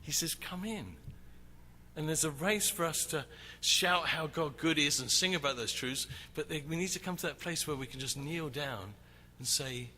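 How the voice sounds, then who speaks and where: A man teaching about worship at a conference, animated as he tells a story. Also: a little high, moderate pace, few pauses, a little hiss or hum. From England. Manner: animated, acts out shouting crowd. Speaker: worship leader. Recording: reverberant hall, faint ambience.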